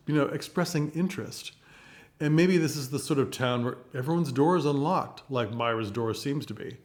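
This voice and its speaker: A man in a relaxed, unscripted review, talking through his thoughts on a play as they come to him. His delivery wanders and circles back, with lively little asides, at an ordinary middle pitch for a man. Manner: rambling, thinks aloud, animated asides. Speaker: theater reviewer. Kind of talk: casual spoken review.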